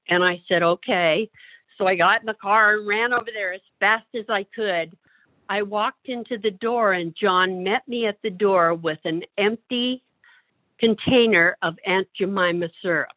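A woman's voice: mid-range voice, fairly even intonation, normal speed, no echo. A woman working as a caseworker, telling an anecdote in a conversation and acting out the other people's voices as she goes. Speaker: caseworker placing clients in homes. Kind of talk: storytelling in a conversation. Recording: tinny phone-like sound, dry.

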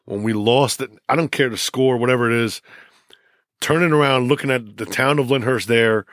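A middle-aged man, a high school football coach, telling stories emotionally in a casual interview, with many restarts and repeats. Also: moderate pace, fairly bright tone, no echo, studio quality.

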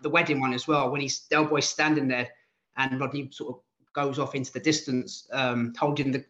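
A man's voice: mid-range voice, flat delivery, normal speed, a bit bright. Chatty man in his late thirties, lo-fi. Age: 30s. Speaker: podcast host. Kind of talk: casual chat. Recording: dull lo-fi sound.

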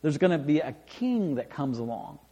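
A man preaching a sermon, reading scripture aloud and explaining it with emphatic, animated delivery. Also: fairly high pitch, normal speed, slightly rough, highs cut off. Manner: animated, rising and falling for emphasis, acts out quoted lines.

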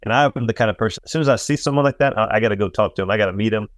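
A man's voice: very fast, no room sound, clean studio sound. A man, a professional golf caddie, talking earnestly in an interview and acting out quotes as he tells stories. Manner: earnest storyteller, acts out quotes with rising pitch. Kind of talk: faith-based interview talk.

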